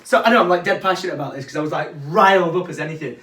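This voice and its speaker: A young man vlogging from England, acting out the people in his story with lots of swearing. His voice sits high and he talks very fast, full of energy. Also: breathy edge. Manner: animated, swears freely, acts out quotes. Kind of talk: storytelling vlog.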